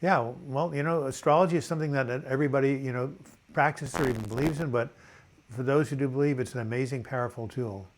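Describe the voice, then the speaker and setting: Older man, dry cough, casual live chat host, mid-pitched voice, chatty, corny jokes. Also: steady tone, quick pace, slight background noise. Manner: chatty, tells corny jokes, reads comments aloud. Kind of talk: casual live-stream chat reading viewer comments.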